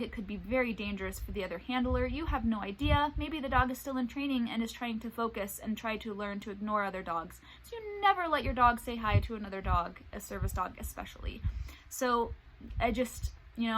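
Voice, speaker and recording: A young woman vlogging about life with her service dog, retelling stories in a casual, animated way and acting out what people said. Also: medium pitch, a little hiss or hum, poor audio. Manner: animated retelling, acts out quoted voices. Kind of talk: casual storytelling vlog.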